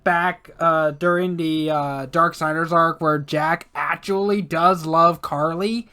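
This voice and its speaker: A man co-hosting a let's play, chatting casually in halting speech full of fillers. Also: fairly high pitch, steady tone, bright, forceful tone, clear, resonant tone. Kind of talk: casual gaming chat.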